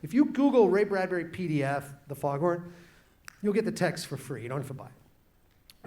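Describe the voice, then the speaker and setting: A man, an author, telling a story to students in an animated way, slowing down and quieting for drama. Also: on the high side. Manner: animated, shifts pace and volume for drama. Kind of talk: storytelling talk to a class.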